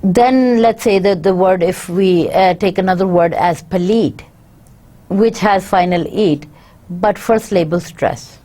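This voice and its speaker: A woman's voice: lowish voice, unhurried, mellow. A woman lecturing, reading each point and then explaining it again in her own words, with frequent fillers. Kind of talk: university lecture, reading and paraphrasing.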